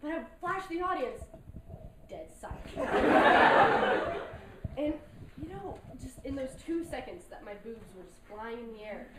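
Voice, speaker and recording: A woman's voice: sits high, measured pace, pauses often. Giggly young woman on a stage. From North Carolina mountains. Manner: giggly, chatty, self-deprecating, laughs between lines. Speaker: stand-up comedian. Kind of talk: stand-up comedy set. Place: large hall with an audience. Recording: echoey hall from far off, noisy.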